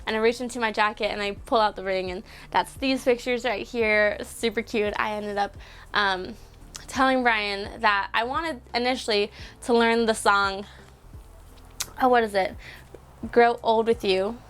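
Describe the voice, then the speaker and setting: A young woman vlogger tells a story straight to the camera, chatty and animated. Her voice sits a bit high, and she acts out every quote, sometimes breaking into squeals. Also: measured pace, clear, resonant tone.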